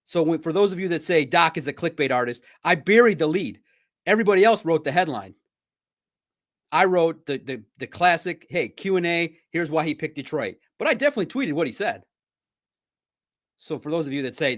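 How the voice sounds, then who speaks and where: A man's voice: fairly high pitch, lively intonation, moderate pace, a bit bright. A middle-aged man hosting a sports podcast in a casual monologue, boastful and trash-talking, repeating himself for emphasis. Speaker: sports podcast host and reporter.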